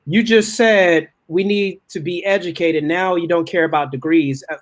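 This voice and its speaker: A man's voice: high-pitched, fairly even intonation, normal speed. A man co-hosting a talk show, cutting in with hold on and lecturing his view with many repeats. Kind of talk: heated casual debate.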